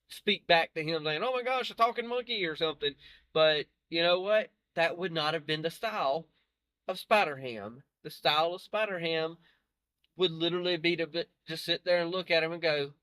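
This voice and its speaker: A man's voice: a little high, sharp tone, no room sound. A man hosting a reaction video, talking casually to viewers in a rambling, self-correcting way with chuckles. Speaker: reaction channel host.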